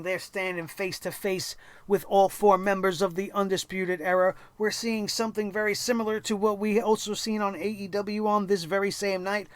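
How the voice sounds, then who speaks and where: A host recapping a wrestling show in a casual, opinionated way, telling the matches dramatically with emphatic pauses and swearing freely. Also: medium pitch, dry recording. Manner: excitable, profane and opinionated.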